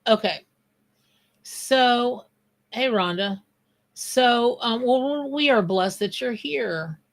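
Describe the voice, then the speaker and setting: A woman's voice: fairly high pitch, extremely slow. A woman hosting a live tarot reading, talking bluntly and casually while greeting viewers by name. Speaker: tarot reader and psychic.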